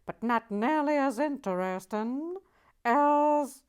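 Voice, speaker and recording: A woman putting on Boston Nancy, a brassy, booming lady with a shaky attempt at a Boston accent. She sings out her words high and slow and breaks into nonsense syllables. Her voice sits well above the speaker's usual pitch and carries from a little way off the mic. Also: animated. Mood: boisterous. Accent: attempted Boston, admittedly poor. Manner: loud, high, drawn-out, scatting nonsense syllables.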